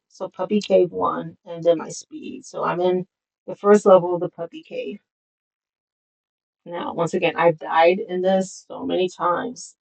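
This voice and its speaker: Streamer: low-pitched woman, casual rambling game commentary. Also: vocal fry, darkish tone, rough recording. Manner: rambling, with many fillers.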